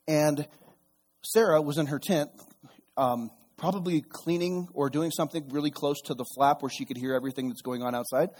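A pastor preaching a sermon, retelling scripture stories in a casual, animated way with voices for the characters. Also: male voice, fairly high pitch, normal speed.

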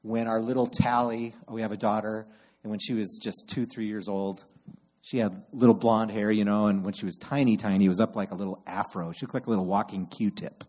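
A middle-aged man preaching a sermon, telling animated personal stories and acting out his exasperated outbursts. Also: on the low side, a little fast. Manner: animated storyteller who acts out exasperated outbursts. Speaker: camp program director preaching.

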